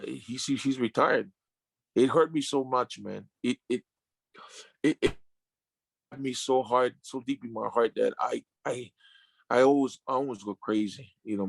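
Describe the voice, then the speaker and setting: A retired sumo wrestler in his fifties, from a Samoan family, tells his story in an interview, using casual slang and restarting emotionally and haltingly. His mid-range voice has vocal fry, and the recording has no echo.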